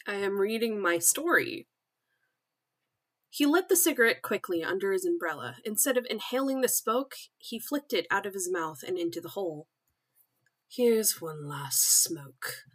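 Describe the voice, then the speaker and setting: A woman's voice: mid-range voice, sing-song, moderate pace, a bit bright. A young woman streamer reading her own story aloud on a casual livestream, breaking off to laugh, swear and comment on her own writing.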